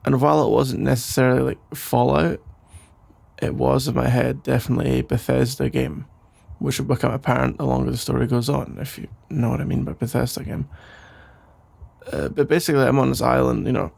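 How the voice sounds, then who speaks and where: Brief: gravelly, husky rambling boyfriend, played by a man, soft sleepy whispered role-play. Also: medium pitch, steady tone, fairly quick. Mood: teasing. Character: caring, rambling boyfriend putting partner to bed. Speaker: ASMR role-play creator.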